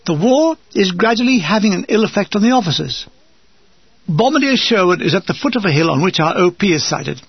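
An older man from England reading a war memoir aloud with a dry, wry comic delivery and a gravelly, husky voice. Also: sits high, lively intonation, a little fast, no room sound, dull audio. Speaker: narrator.

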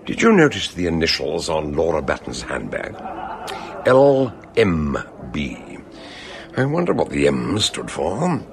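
An actor playing an eccentric, genial doctor-detective in a radio drama, theatrical and musing. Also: male voice, very deep voice, wildly swooping pitch, unhurried, gravelly, heavily acted. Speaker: amateur detective.

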